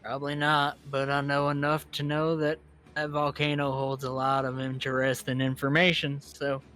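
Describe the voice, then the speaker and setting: A man playing his character in a tabletop game with a put-on American Southern accent, speaking in halting, hesitant phrases. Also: medium pitch, monotone, bright, forceful tone, soft background music. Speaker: player.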